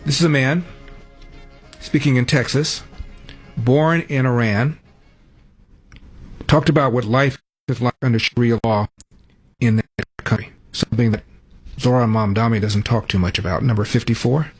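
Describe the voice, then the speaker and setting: A man's voice: mid-range voice, normal speed, long pauses, breathy edge. A male news host with a mid-range voice reading punchy segment lead-ins. Faint music plays underneath. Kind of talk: scripted news segment intro.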